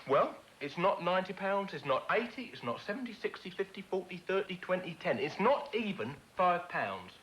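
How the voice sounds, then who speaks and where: A playful comic host from the UK presents in a daft, sitcom style. His voice jumps around in pitch. A faint noise sits underneath. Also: very animated, normal speed, few pauses, fairly bright tone, lo-fi sound. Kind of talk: comedy puppet sitcom.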